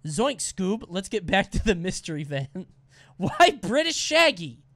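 A goofy, high-pitched cartoon slacker, Shaggy in a British accent, as a man puts him on. The voice swoops up and down, and it sounds dry and close. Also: very animated, unhurried, bright, forceful tone, dry recording, exaggerated voice. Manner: goofy, laughing impression.

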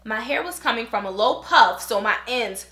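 A chatty woman vlogger with a high, lively voice that swoops all over, reading out a viewer's email and talking right to her audience. Her tone is bright and sharp, and the room has an echo. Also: moderate pace. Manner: chatty and animated, talks straight to viewers. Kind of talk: casual chat reading an email aloud.

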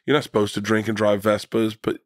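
A man telling stories as a comedian guest on a podcast, animated and profane, often jumping into high excited voices for the people he quotes. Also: a little fast, no room sound, clean studio sound. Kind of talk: casual storytelling conversation.

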